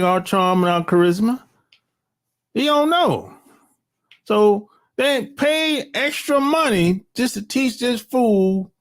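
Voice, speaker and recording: A man talking straight into his phone, blunt and slangy, with mocking asides. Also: high-pitched. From United States. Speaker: vlogger. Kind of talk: casual opinion monologue. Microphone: cell phone.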